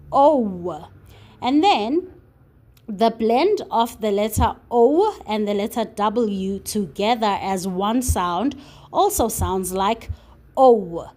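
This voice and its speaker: A woman's voice: medium pitch, darkish tone. A woman tutor teaching a phonics and spelling lesson to young children, patiently sounding out letters and words.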